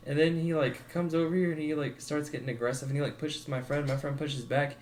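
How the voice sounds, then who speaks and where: A young man on a podcast talks with a slightly raised pitch, relaxed and casual. He drifts through his story and slips into voices for the people in it. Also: fast talker, a little hiss or hum. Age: 20s. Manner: laid-back, acts out quotes with swearing and laughter. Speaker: podcast co-host.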